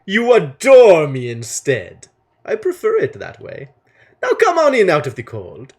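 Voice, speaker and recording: A man's voice: high-pitched, wildly swooping pitch, husky, voice pushed up, exaggerated voice. A man putting on a flamboyant, flirtatious trader. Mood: grandly flirtatious. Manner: grand, drawn-out, playful delivery. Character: flirtatious charming male trader, theatrical.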